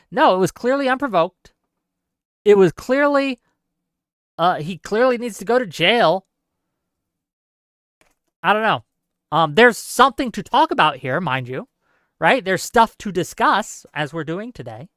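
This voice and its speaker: A talk show host with a smooth, clear voice who argues point by point, firmly rebutting viewer comments and checking in with quick tag questions. The sound is dry and close, with almost no room behind it. The pitch sits in an ordinary middle register. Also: fairly bright tone, dry recording. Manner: argumentative, emphatic, rebutting points; frequent tag questions and fillers. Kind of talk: live call-in commentary, reading viewer comments.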